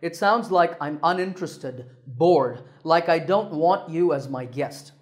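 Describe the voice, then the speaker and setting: A man teaching English pronunciation in a clear, deliberate scripted lesson, slowing down to sound out example words. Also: fairly high pitch.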